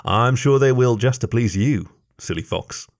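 A man voicing a calm, gently teasing young male panther in an audio story. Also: mid-range voice, unhurried. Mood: easygoing.

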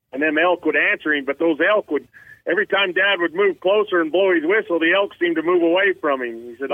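A man's voice: fairly high pitch, no echo. A man in his fifties from Utah, a champion elk caller and radio guest, telling rambling folksy stories over the phone. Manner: folksy, rambling anecdotes with quoted voices. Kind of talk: casual storytelling on a radio show. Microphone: phone call. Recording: tinny phone line.

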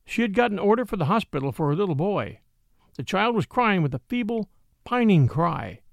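A man reads a classic story aloud with expressive, scripted narration. His voice sits high and moves through a wide, animated range. The sound is dry and close to the mic. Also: brisk, creaky, no echo. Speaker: audiobook narrator.

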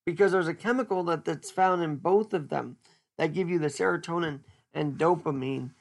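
Guy doing a solo podcast, kinda high voice with gravel in it, jokey and rambly, lots of restarts. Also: normal speed. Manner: chatty, jokey, thinking aloud with restarts. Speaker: podcast host. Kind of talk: casual solo podcast chat.

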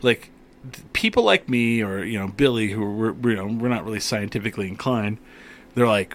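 A man co-hosting a casual chat, animated and profane, telling stories. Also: fairly low pitch, normal speed, a little hiss or hum. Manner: animated, swears, tells stories. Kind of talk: casual banter.

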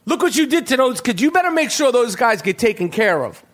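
A man's voice: extremely high pitch, big pitch swings, a little fast, fairly bright tone. A man hosting a podcast, ranting with heavy swearing and stammering restarts. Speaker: podcast host. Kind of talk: profane comedic rant.

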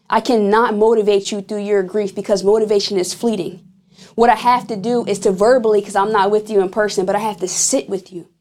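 A woman hosts a podcast and delivers an intimate spoken sermon on grief. She talks earnestly and emphatically, straight to her listeners. Her voice sits at a middle pitch. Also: darkish tone. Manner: earnest, slow and emphatic, speaking directly to listeners. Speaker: podcast host.

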